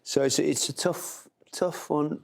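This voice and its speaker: A middle-aged man hosting a casual football chat, telling stories and laughing loudly. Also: on the high side, fairly even intonation, a little slow, creaky. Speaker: host.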